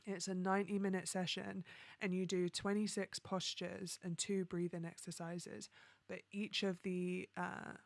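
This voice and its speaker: A woman's voice: fairly low pitch, no echo. A young woman chatting casually on a livestream, reading out viewer comments with many ums and likes. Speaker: livestream host.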